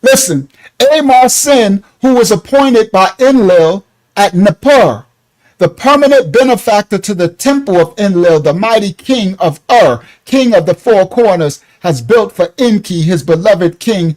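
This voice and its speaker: A man giving an excited Bible lesson. He gets loud as he talks and keeps checking in with his listeners. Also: sits high, measured pace. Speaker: Bible teacher. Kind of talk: excited teaching talk.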